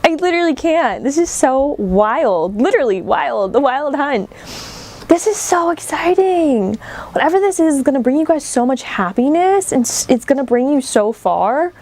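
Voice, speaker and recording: A woman giving a casual pick-a-card tarot reading, excitable and quick to laugh, talking straight to her viewers, her voice a little worn. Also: high voice. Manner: excitable, laughs often, addresses viewers directly. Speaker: tarot reader. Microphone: camera on table while shuffling cards.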